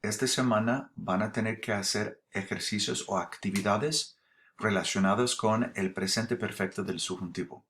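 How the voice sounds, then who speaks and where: A man's voice: fairly low pitch, steady tone, a little fast, a bit bright. A man teaching a grammar tutorial, explaining patiently with spoken examples, recorded close on a desk mic. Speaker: Spanish teacher.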